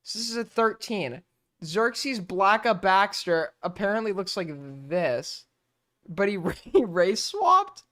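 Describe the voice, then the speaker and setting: A man's voice: high voice, sing-song, takes it slowly, a bit bright. Rambling, mocking male streamer. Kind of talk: casual reaction stream commentary.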